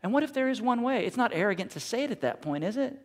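A man's voice: very high-pitched, very animated, quick pace. A middle-aged man preaching a sermon, asking rhetorical questions and acting out quotes. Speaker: pastor.

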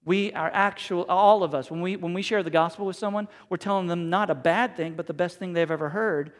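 A man's voice: sits high, fairly even intonation, brisk. A middle-aged man preaching a sermon, asking rhetorical questions and acting out quotes. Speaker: pastor.

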